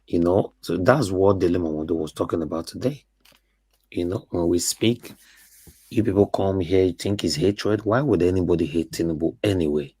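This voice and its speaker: A Nigerian man hosting a call-in show, replying in a calm, measured way. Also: deep voice, breathy edge, dry recording. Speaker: host.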